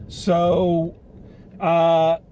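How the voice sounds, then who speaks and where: A man's voice: a little high, monotone, very slow, mellow. A man giving a rambling, sarcastic spoken film review, casual and swearing now and then. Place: car while driving home. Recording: car cabin with road noise.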